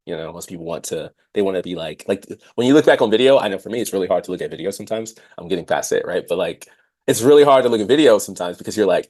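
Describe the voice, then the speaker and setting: A man in his thirties co-hosting a dance podcast, talking in a reflective, casual way with many fillers and lively quoted asides. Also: low voice. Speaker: podcast host. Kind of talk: casual conversational chat.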